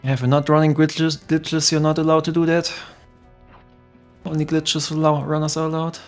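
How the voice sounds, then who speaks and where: Casual male stream commentator, slightly high voice, faint game music behind. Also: normal speed. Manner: relaxed, chatty, greets chat. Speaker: tournament commentator.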